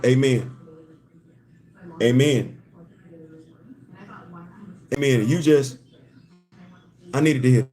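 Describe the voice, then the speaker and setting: A man's voice: a little high, slow pace, long pauses, darkish tone. A man in his fifties hosting a casual live stream, laughing often, restarting sentences and turning heartfelt. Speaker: livestream host.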